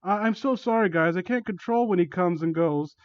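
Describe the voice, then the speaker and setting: A man doing a remorseful male hedgehog hero who apologizes in a shaky, near-tearful voice. The delivery sits a little higher than the reader's own. It sounds close and dry. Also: a little fast, clean tone, no echo, muffled recording, close to an everyday voice.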